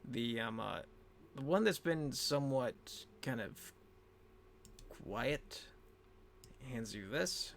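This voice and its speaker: A man's voice: mid-range voice, lively intonation, slow, vocal fry, long pauses, a bit bright, slight background noise. A man narrating as game master in a casual way, with many fillers.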